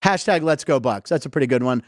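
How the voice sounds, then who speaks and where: A man's voice: medium pitch, animated, quick pace, no room sound, studio quality. A man hosting a casual sports comedy show, chatty and jumping between topics, laughing often. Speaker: host. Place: live studio show.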